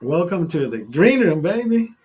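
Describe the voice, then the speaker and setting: A man's voice: fairly high pitch, very animated, normal speed, darkish tone, slightly rough, soft background music. A man hosting a live stream, chatting casually over a beer, rambling and swearing, laughing at his own jokes. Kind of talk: casual chat over beers.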